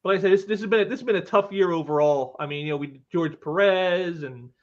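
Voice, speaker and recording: High-voiced man over dull lo-fi audio. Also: quick pace. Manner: laughs often, stammers and repeats words. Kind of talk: casual livestream chat.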